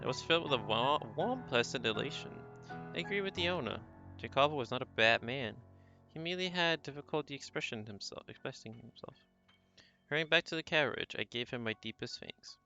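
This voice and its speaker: Reflective newlywed wife narrating a game story, read by a man; bright tone, dull lo-fi capture. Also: medium pitch, lively intonation, a little fast, soft background music.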